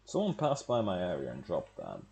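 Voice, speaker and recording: A low-voiced man with a gravelly, fry-heavy edge, talking through his game in a loose, swearing, joking ramble. His pitch swings widely, and his tone sits dark and mellow over faint background noise. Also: wildly swooping pitch, a little fast. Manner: wry, profane, rambling asides. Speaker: streamer. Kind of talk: casual gameplay commentary.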